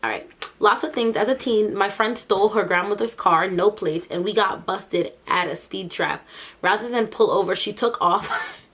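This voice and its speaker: A woman vlogger giving casual reaction commentary, animated and incredulous, often breaking into laughter between remarks. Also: medium pitch, normal speed.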